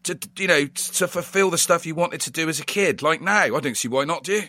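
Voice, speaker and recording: Bright, dry-voiced Bristolian interviewer. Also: male voice, a little high, fast talker, dry recording. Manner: friendly, probing, fills with "yeah". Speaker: interviewer host. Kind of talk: casual interview.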